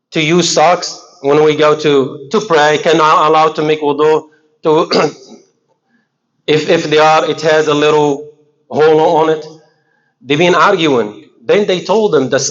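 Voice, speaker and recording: A man giving an informal religious talk in an earnest, halting way, asking questions and answering them himself. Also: fairly high pitch, dull audio. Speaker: religious speaker.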